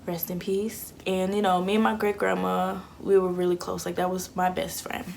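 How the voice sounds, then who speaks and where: This young woman in her twenties speaks at a normal speed in a lowish, darkish voice with vocal fry and little pitch movement. A vlogger, she's candid and chatty, acting out quotes as she tells a casual story over a little hiss or hum.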